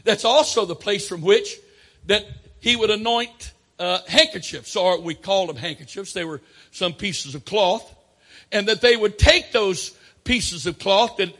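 High, bright-voiced man preaching. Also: lively intonation, unhurried. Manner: emphatic, swings from loud declarations to quiet asides. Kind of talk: sermon.

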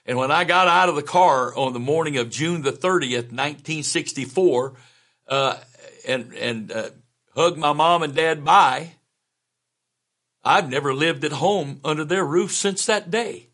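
A man's voice: on the high side, fairly bright tone. Older man preaching with folksy stories. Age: 70s. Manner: folksy personal storytelling, unhurried. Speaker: bishop. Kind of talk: sermon.

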